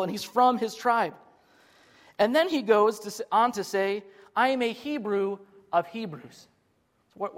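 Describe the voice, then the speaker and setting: A man preaching a sermon, earnest and explanatory, getting emphatic and often restarting his sentences. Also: high-pitched. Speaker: pastor. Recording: long reverb of a large hall.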